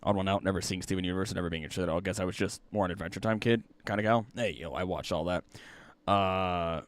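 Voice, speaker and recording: A man with a low voice and quick pace streams and does voice acting. In this casual livestream chat, he reads viewers' comments aloud, animated and full of jokes.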